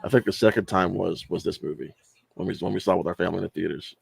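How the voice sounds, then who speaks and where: Low, gravelly, fast-talking man. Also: darkish tone, no echo. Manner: enthusiastic, stumbling restarts. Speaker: podcast co-host. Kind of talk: casual chat.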